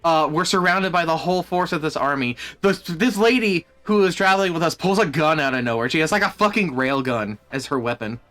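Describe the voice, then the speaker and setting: A man streaming and chatting casually, in an animated, exasperated way with plenty of swearing. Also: a little high, brisk, hardly any pauses, faint music behind. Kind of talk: casual chat.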